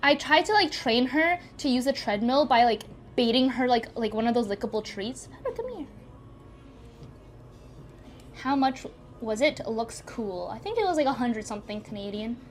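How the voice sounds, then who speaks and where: A woman's voice: a little high, moderate pace, faint music behind. A young woman live-streaming from home in a casual, scatterbrained and giggly way. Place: at home by a walking pad.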